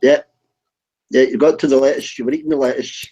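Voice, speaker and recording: Husky man on lo-fi call audio. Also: mid-range voice, steady tone, brisk, dark tone. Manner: blunt, swears freely, laughs often. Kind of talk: casual group voice chat.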